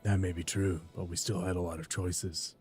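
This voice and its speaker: Man doing a low, weary warrior hero. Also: flat delivery, normal speed, breathy edge, faint music behind. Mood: dry. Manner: low, quiet, dry and curt. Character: grim, weary adult male warrior hero.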